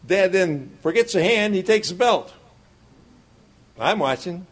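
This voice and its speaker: A man's voice: high-pitched, lively intonation, measured pace. A middle-aged man preaching a sermon, telling a homespun childhood story in a folksy way and chuckling often.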